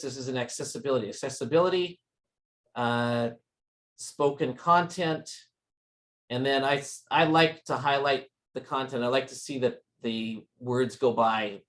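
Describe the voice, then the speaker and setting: A man giving a live tech demonstration at a user group meeting, explaining step by step in a friendly, informal way. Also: medium pitch.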